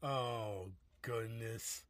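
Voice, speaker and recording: Bright-voiced chatty man, dry sound. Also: medium pitch, drawn-out words, no room sound. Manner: chatty, tells joke stories in acted quotes. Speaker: podcast co-host. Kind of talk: casual chat.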